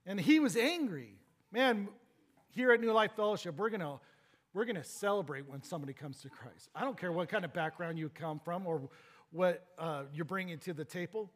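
A man preaching a sermon as pastor, swinging between emphatic exhortation and low, quiet points. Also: animated, moderate pace.

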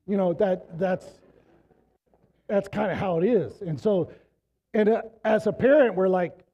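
A man's voice: high-pitched, measured pace, long pauses, husky. Man, middle-aged, pastor, fading voice, casual storytelling sermon, muffled lo-fi sound. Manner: conversational storytelling, rising to emphatic exhortation. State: losing his voice.

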